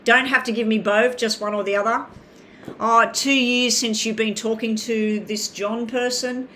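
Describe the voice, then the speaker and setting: A woman's voice: fairly high pitch, fairly even intonation, unhurried, a bit bright, slight background noise. A woman giving live tarot readings, talking in a chatty, rambling way and addressing viewers by name. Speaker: tarot reader.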